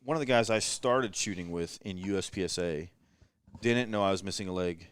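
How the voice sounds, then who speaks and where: A man in his thirties with a low voice tells self-deprecating stories in a relaxed late-night chat. The sound is close and dry, as if recorded around a table in a rental house. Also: fairly quick, clean tone, no room sound. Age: 30s. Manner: self-deprecating storyteller, joking. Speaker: podcast guest shooter. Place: rental house living room.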